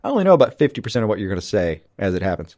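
A man's voice: fairly low pitch, sing-song, a little mellow. A man co-hosting a podcast in casual chat, rambling and laughing as he talks. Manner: rambling, quick, laughs often. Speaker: podcast co-host.

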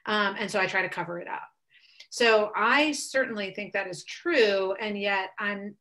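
A woman's voice: medium pitch, pushed and bright. A woman in her thirties giving a thoughtful, earnest webcast talk, with frequent fillers and restarts. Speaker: guest speaker.

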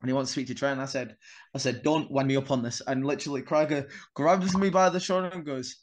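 A man's voice: mid-range voice, fairly even intonation, fast talker. A young man, a wrestler guest on a podcast, telling a story in casual chat, swearing freely and acting out the dialogue.

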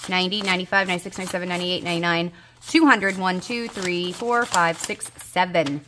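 A woman's voice: lowish voice, fairly quick, fairly bright tone. Mom vlogger in her 30s, salty at her dice, worn out, faint noise in the background. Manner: coaxing and scolding the dice, playful and salty. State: unwell and tired. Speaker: budgeting vlogger. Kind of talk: casual chat to viewers while rolling dice.

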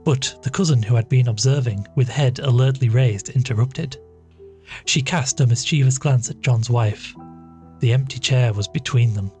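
A man's voice: mid-range voice, normal speed, a little mellow. Man narrating a classic story. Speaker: podcast narrator. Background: faint music.

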